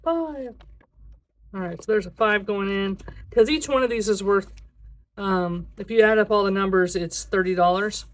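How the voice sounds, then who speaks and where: With a medium pitch, this budgeting vlogger counts cash aloud in a relaxed video, chattering away to themself. Occasionally the counting slides into a long, sing-song cadence.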